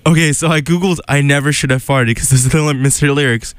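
A man's voice: fairly high pitch, steady tone, quick pace, few pauses, a little hiss or hum. A man hosting a radio show, chatting casually and animatedly, laughing and sounding incredulous. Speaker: radio host.

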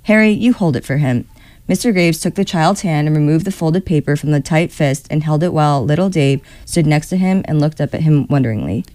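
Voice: medium pitch, a little fast, few pauses, warm tone, no echo. A reader reading a short story aloud in a plain way, with small slips.

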